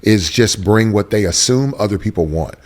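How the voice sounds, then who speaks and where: An earnest man from Houston, Texas, speaking at a moderate pace in a lowish voice, shares a personal story as an interview guest. He searches for words and circles back to repeat phrases for emphasis.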